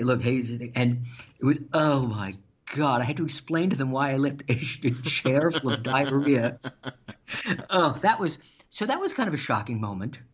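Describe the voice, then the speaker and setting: A guest on a podcast, this man tells amusing anecdotes casually and with animation, laughing throughout. He has a mid-range, slightly rough voice, and the recording is dull and lo-fi.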